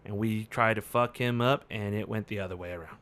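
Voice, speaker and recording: A man's voice: lowish voice, brisk, a bit bright. A man playing a tabletop game who speaks in short, clipped sentences. He swears casually and keeps his delivery blunt and plain. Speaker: player. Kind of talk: casual tabletop play in character.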